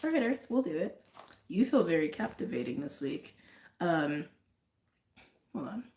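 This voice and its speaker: Woman, low-ish voice, effusive tarot reader repeating herself, echoey room. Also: very animated, a little slow. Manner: effusive, repeats phrases, drifts into soft trailing asides. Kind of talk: intuitive reading to camera, casual chat.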